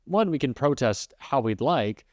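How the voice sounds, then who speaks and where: A man's voice: mid-range voice, expressive. A male political commentator reacts in an unscripted, conversational way. He restarts his sentences often and leans on fillers. The sound is dry and close, with no room echo. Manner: fast, loose, with frequent restarts and fillers.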